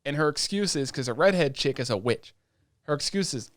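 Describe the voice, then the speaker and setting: A man's voice: fairly high pitch, fairly quick, dry recording, studio quality. A man co-hosting a podcast, recapping shows in a casual, profane way, with lots of fillers and acted-out quotes. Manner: animated storytelling that acts out quoted lines. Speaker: podcast co-host. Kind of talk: casual chat.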